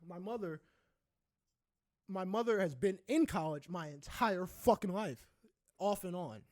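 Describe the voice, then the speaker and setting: A man's voice: high-pitched, a little slow, a little mellow, dry recording, clean studio sound. A young man co-hosting a podcast, ranting heatedly and profanely with many restarts in casual talk. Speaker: podcast co-host.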